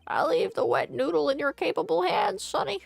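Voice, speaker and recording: A woman voicing a doting old man who runs a pasta shop, in a creaky, pitched-up old-man voice. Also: animated, a little fast, no echo, heavily acted.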